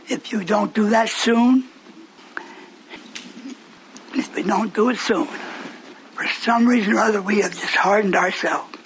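A man preaching a sermon with passion, swinging from shouts down to whispers and rhetorical questions. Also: high-pitched, moderate pace, a little hiss or hum, rough recording.

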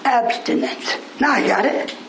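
High-pitched preacher. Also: male voice, expressive, moderate pace, a crowd in the background, low-quality recording. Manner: shouting, scolding, then joking with the congregation. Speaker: pastor. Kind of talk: fiery preaching.

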